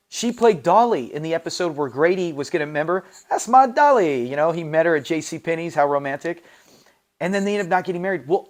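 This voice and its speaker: A man hosting a casual episode recap, talking with animated enthusiasm, laughing and acting out the quoted lines. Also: on the high side. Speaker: host of a classic TV show recap channel.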